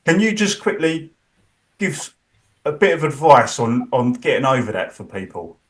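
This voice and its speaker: A man's voice: medium pitch, sing-song, moderate pace. A man hosting a podcast, chatting casually and a bit hesitantly. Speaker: podcast host. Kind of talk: conversational interview.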